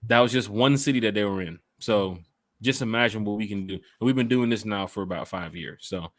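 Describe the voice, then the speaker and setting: A man's voice: on the low side, fairly quick, dry recording. A man hosting a casual fan podcast, talking straight to listeners in a loose, upbeat, slangy way. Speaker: podcast host and fan club organizer. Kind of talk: casual chat.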